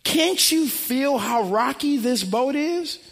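A man's voice: lively intonation, slow pace, exaggerated voice. A man doing panicky frightened disciples. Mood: panicked. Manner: high, urgent and pleading. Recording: long hall reverb.

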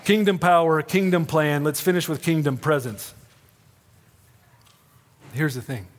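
A middle-aged man preaching a sermon in a church. He talks in an earnest, conversational way, often asking "right?", and drops to a soft, hushed voice for quoted promises. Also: on the high side, a little slow, long reverb tail. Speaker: pastor. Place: church sanctuary.

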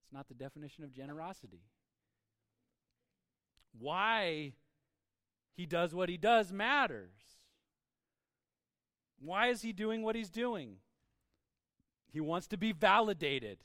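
A man pastor giving a conversational sermon, energetic and informal, often repeating words and asking "right?". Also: high voice, slow pace, long pauses, no room sound, clean studio sound. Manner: swings into quiet acted voices for quotes.

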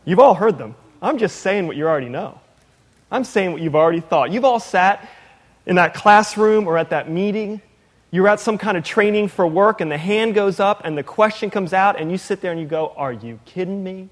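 High-voiced man preaching in a reverberant hall. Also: normal speed. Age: 30s. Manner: conversational preaching with playful mock voices. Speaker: preacher and teacher. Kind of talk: sermon.

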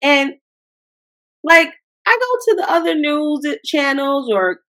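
A young woman hosts a podcast of casual commentary in a high-pitched, sing-song, bright voice that is slow but forceful. She talks in a chatty, emotional way, sprinkling in playful slang.

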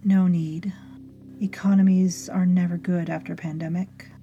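A woman voicing the spirit of a middle-aged man, speaking slowly in a low, hushed voice. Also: little pitch movement, lo-fi sound, a little hiss or hum, lightly acted. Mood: sly.

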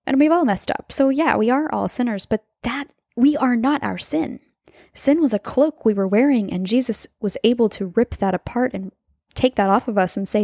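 A woman hosts her own faith podcast from her apartment, speaking casually and earnestly. Her voice carries a gravelly edge of fry at a middle pitch. The sound is close and dry, with little room around it. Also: darkish tone, dry recording. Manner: earnest and confessional, laughs at herself. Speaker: podcast host and nurse. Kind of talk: casual faith-based monologue. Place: apartment at home.

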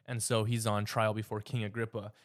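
A man's voice: on the low side, level tone. A man with a Canadian accent leading a church discussion as its teacher, talking informally with frequent fillers and restarts. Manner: halting, with frequent fillers and repeated words.

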